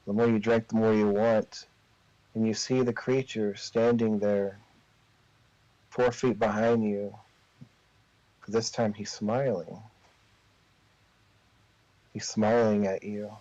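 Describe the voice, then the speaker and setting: A man runs a tabletop game, narrating in a slow, drawn-out way with a lowish voice. The recording is dry, with no room sound, and dull and lo-fi. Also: flat delivery, mellow, no echo. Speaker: game master.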